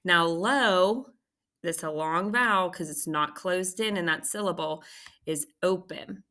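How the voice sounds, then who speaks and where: Woman teacher with a low, bright, forceful voice who explains patiently and checks in often. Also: unhurried. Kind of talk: recorded phonics lesson walkthrough.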